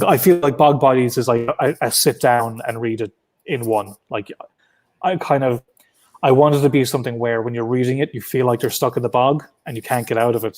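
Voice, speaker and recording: A man's voice: mid-range voice, darkish tone. A man with an Irish accent, a writer guest at a convention, talking casually in a rambling way with many restarts, heard over a video call. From Ireland. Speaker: comic book writer guest.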